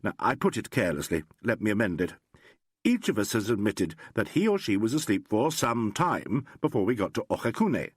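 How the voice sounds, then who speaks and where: A wry, unflappable detective, crisp and courteous, as a male narrator voices him. The pitch sits fairly low but moves freely. The recording is close and dry. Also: very animated, fairly quick, no echo.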